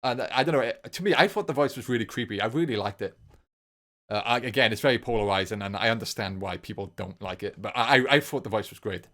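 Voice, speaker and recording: A man's voice: fairly low pitch, fast, a bit bright. A man giving a long, rambling solo film review, informal and enthusiastic, circling back to repeat his points over and over.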